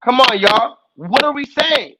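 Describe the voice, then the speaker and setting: A young adult man hosting a live call-in stream, ranting loudly and profanely at the chat and mocking his target. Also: extremely high pitch, lively intonation, measured pace, noisy background. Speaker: livestream host.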